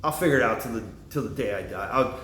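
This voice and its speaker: A man's voice: medium pitch, expressive, fast, a bit bright. A man talks in a loose, rambling monologue, swearing freely and circling back on his own thoughts. His voice sits in a middle register. The room around him is roomy and echoey, with a faint hum of ambience. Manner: rambling, profane, lots of fillers. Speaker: vlogger.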